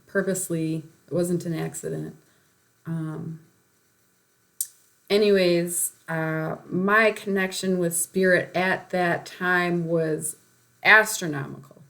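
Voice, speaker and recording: Slow, low-voiced woman telling her story. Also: gravelly, a bit bright. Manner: rambling with many fillers, laughs between thoughts. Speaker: spiritual storyteller. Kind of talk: personal storytelling monologue.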